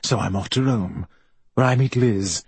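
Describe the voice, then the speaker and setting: A man voicing a boisterous, profane middle-aged male film star with a Welsh accent and a husky voice, swaggering and rambling. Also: fairly low pitch, moderate pace, a little mellow, no echo, full character voice. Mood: boastful. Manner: brash, swaggering, rambling storyteller.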